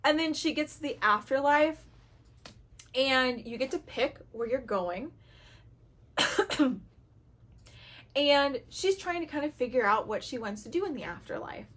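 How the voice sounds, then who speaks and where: A woman with a high, bright voice talks casually to her viewers about the books she loves. She gushes openly and acts out her own reactions as she goes. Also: expressive, measured pace, long pauses. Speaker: book reviewer. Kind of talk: casual chat to camera.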